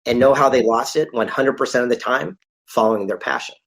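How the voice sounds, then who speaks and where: A man speaking as a guest on a podcast, with an ordinary mid-range voice. He tells his stories briskly and animatedly, and he slips into the voices of the people in them. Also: mid-range voice. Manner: lively anecdotal, acts out dialogue. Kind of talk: conversational storytelling.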